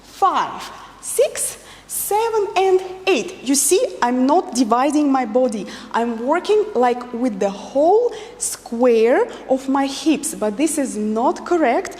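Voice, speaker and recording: Dance teacher lady, high voice, slow and patient, counts out loud, echoey hall. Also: animated. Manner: patient, counts beats aloud while demonstrating. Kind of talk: instructional dance lesson.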